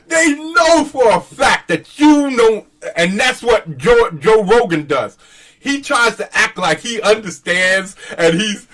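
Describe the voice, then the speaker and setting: A man on his own show, talking casually and with open scorn, swearing and laughing as he goes. His pitch sits a touch high and swings widely up and down. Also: a bit bright. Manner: scoffing, profane, laughs often. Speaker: commentary channel host. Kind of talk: casual ranting commentary.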